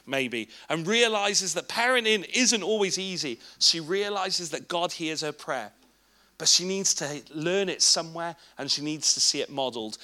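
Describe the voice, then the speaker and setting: An English man in his thirties shares a personal testimony in a candid, chatty way, breaking off for asides to the listeners. His voice sits a little high and sounds bright and forceful. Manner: informal, candid storytelling with asides to the audience. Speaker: speaker at a church children's ministry event.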